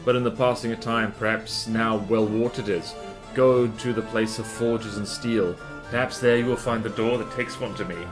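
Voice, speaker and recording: A man's voice: mid-range voice, steady tone, normal speed, music in the background, lightly acted. A man voicing an ancient, cryptic hag in a put-on Scottish accent, speaking in riddles with twisted word order. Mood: riddling. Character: ancient cackling hag crone, cryptic and possessive.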